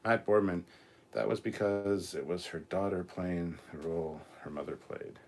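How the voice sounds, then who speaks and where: A man's voice: low-pitched, fairly even intonation, moderate pace, creaky, darkish tone. A man hosting a live stream, reading out chat comments in a casual, crude way with plenty of swearing. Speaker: host.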